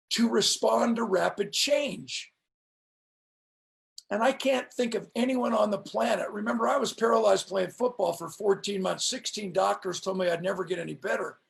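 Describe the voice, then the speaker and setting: A middle-aged man telling stories as a motivational speaker in an interview, with an emphatic, preacher-like cadence that slows down for punch lines. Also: sits high, gravelly. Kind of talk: storytelling on a live stream interview.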